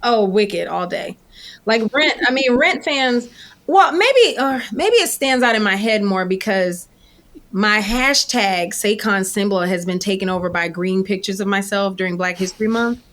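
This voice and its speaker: A middle-aged actress being interviewed, telling lively anecdotes and acting out quotes from others. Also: female voice, medium pitch, normal speed. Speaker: actress guest. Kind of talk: animated storytelling.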